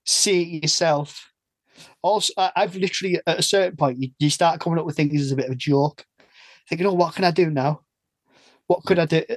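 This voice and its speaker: English male podcast host, rambling chatty delivery, a bit high, dry close sound. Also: fast talker, husky, dry recording. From England. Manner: chatty, rambling, self-interrupting. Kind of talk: casual chat.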